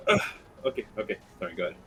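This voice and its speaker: A man's voice: lowish voice, sing-song, fast, a bit bright, soft background music. A man playing in a tabletop game who keeps apologizing and laughing while reading chat. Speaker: player.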